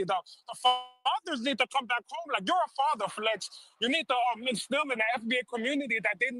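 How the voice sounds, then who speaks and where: High-voiced guy calling in, whiny, dry close sound. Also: fairly bright tone, dry recording. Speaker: call-in speaker. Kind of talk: heated online talk show argument.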